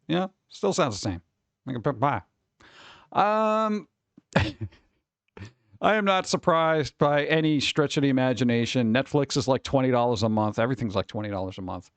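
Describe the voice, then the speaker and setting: A man hosts a casual live-stream chat in a somewhat high voice that swings up and down a lot as he talks. His delivery is wisecracking and sarcastic. The sound is dry, with no room echo. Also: sing-song, moderate pace. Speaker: streamer host.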